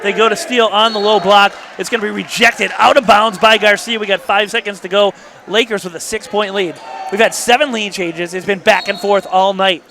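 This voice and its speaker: High-voiced man calling a basketball game. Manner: rapid, excitable calls with folksy asides. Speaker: play-by-play announcer. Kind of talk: high school basketball play-by-play. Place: school gymnasium. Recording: cheering gym crowd and noise behind.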